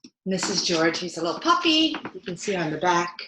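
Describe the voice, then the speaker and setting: A woman teaching yoga to young children, reading a picture book aloud in a playful, animated way with slow, clear cues. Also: fairly low pitch, roomy sound, background noise. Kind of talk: interactive storytelling with yoga cues for kids.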